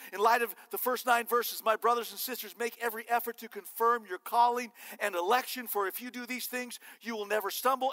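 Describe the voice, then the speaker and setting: High, bright-voiced joking preacher in hall. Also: male voice. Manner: animated and joking. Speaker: pastor. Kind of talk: sermon. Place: church sanctuary.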